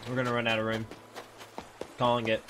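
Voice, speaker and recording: A young man streaming a video game, reacting casually with frequent swearing and sudden excited outbursts. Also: medium pitch, brisk, background noise. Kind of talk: casual gameplay commentary. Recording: game music behind.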